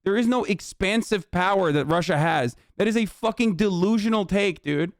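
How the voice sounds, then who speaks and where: A man's voice: high-pitched, moderate pace, no room sound, studio quality. A man hosting a livestream and giving heated political commentary in a combative, profane rant. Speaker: livestream host.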